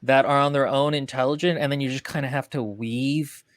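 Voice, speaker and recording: A man's voice: medium pitch, fairly even intonation, fairly quick, no echo, clean studio sound. A man co-hosting a casual book podcast, analytical and talking in long winding sentences. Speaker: podcast co-host.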